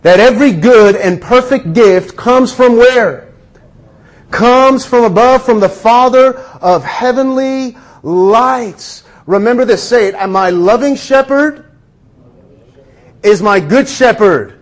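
A man's voice: very high voice, slow. A man preaching a sermon to a congregation, stretching out key phrases and building to emphatic calls. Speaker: pastor.

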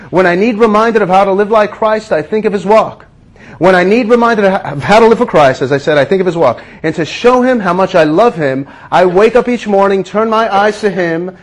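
A man preaching a sermon at a shelter, slow and emphatic, asking the listeners rhetorical questions. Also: high voice. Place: shelter chapel.

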